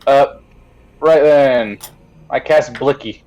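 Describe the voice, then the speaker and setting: A man's voice: medium pitch, slow pace, a little mellow, highs cut off. A man playing a tabletop game, chatty and jokey as he plans his moves. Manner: chatty, jokey, says "right then". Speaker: player. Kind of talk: casual tabletop game chat.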